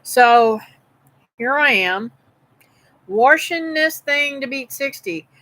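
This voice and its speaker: Lady rambling on a home livestream, bright kinda sharp voice, folksy storytelling. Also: sits high, animated, slow pace, poor audio. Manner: chatty, folksy, meandering. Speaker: homestead livestream host. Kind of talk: rambling live-stream storytelling. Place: her home, indoors.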